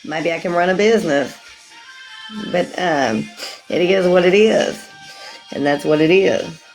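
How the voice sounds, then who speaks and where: A woman's voice: fairly low pitch, unhurried, darkish tone, faint music behind. A woman in her forties chatting casually with livestream viewers, rambling, calling them sweetie and laughing often. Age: 40s.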